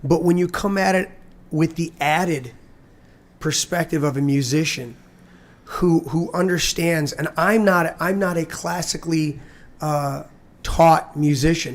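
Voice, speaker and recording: A man on a podcast, hoarse from being sick, telling lively stories and repeating words as he goes. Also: on the high side. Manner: animated storyteller, repeats words, sings snippets. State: voice worn out from illness. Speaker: podcast host and singer. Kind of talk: casual chat.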